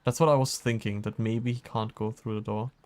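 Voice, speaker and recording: A man's voice: lowish voice, fairly even intonation, a little fast, darkish tone. A man streaming a game and chatting casually, laughing often as he plays. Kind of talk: casual gameplay chat.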